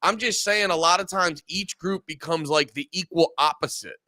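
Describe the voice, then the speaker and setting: A man's voice: on the high side, moderate pace, pushed and bright, dry recording, studio quality. Rambling, cursing man in casual chat. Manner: rambling, profane, acts out quotes in mock voices. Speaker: co-host.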